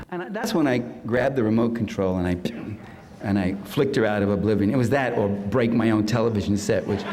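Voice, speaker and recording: A man's voice: medium pitch, a little mellow, in a large hall, slight background noise. An older man giving a public lecture in a sardonic, mocking manner, sometimes putting on comic voices. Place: lecture hall.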